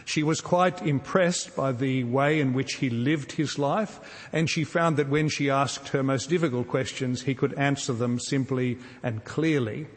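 Preacher in a reverberant hall. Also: male voice, mid-range voice. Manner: earnest, measured preaching with rhetorical questions. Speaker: pastor. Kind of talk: sermon.

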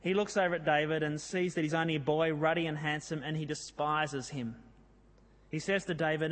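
Man, preacher, sermon, high voice, lively storytelling, long hall reverb. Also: brisk. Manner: lively storytelling, dramatic scripture reading.

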